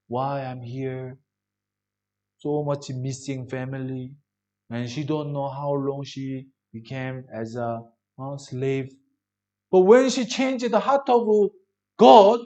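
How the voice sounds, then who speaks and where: Slow-preaching man in broken English. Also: mid-range voice, muffled recording. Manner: broken English, rhetorical questions to the congregation; swings between loud emphasis and soft drops. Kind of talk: sermon.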